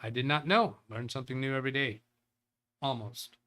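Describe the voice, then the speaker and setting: A man's voice: medium pitch, a little fast, pushed and bright. A man hosting a live tech show, reading viewer chat and thinking aloud in a loose, rambling way. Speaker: tech livestream host.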